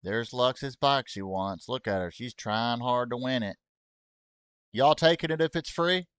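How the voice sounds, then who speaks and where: Here a streamer's medium-pitched voice is unhurried, smooth, and fairly bright as he plays a racing game. Rambling and joking, he drifts off-topic and speaks to chat with "y'all" asides, recorded in clean studio sound without echo.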